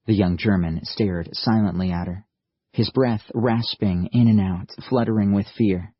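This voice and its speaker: A male audiobook narrator reads in a steady, even manner at a slow pace. His voice is low and a little husky. The recording is dry and slightly muffled. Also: no room sound. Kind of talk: scripted narration.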